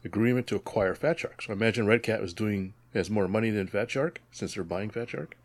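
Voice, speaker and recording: A man co-hosting a hobby podcast, chatting casually, animated and joking with frequent laughs. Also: fairly low pitch, fairly quick, no echo. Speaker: podcast co-host. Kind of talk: casual chat.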